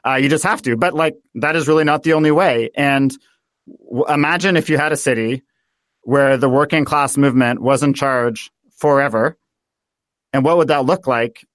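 Energetic American man talking policy, dry sound. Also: medium pitch, normal speed, no room sound. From United States. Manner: animated, thinking aloud with many fillers. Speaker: guest author. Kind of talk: political interview.

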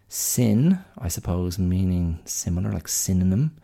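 A low, gravelly male voice with a dark, mellow tone. He hosts a podcast on his own in casual chat, rambling and musing as he thinks aloud. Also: fairly even intonation, unhurried. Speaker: podcast host.

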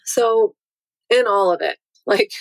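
A woman hosting a podcast interview, asking gentle, searching questions in a studio. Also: mid-range voice, slow pace, vocal fry, no echo, poor audio. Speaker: podcast host. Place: recording studio.

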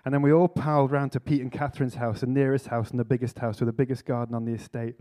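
A man's voice: medium pitch, little pitch movement, fast, warm tone. A man giving a conference sermon, telling a story earnestly with self-mocking humour. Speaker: speaker at a church conference. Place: conference hall talk.

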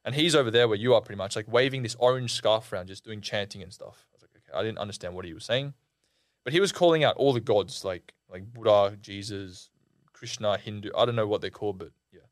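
A young man, a podcast guest, telling a story in a casual, animated and slangy way, full of "like" and "bro". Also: lowish voice, quick pace, no room sound, studio quality. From Australia.

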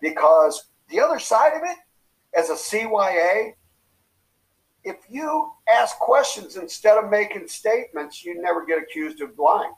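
A man giving a guest's coaching advice in a loose, motivational way. He tells his stories with animation and leaps up in pitch to act out quotes. His voice sits fairly high for a man. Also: a little slow, poor audio. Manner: animated storyteller who acts out quotes with big pitch jumps. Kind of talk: casual motivational talk.

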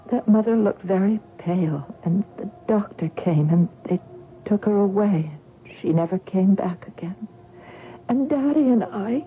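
An actress playing a fragile, despairing woman narrating her childhood memories in a hushed, dreamy voice, in 1970s radio drama style. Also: on the low side, vocal fry, a little hiss or hum, full character voice. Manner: hushed, dreamy, drifting into whispers. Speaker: narrator of the story. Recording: tinny 1970s radio broadcast over music.

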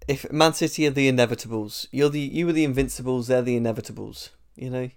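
A man's voice: medium pitch, quick pace, clear, resonant tone. Dry, teasing young male co-host. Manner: dry teasing, joking asides. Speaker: podcast co-host. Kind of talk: casual football chat.

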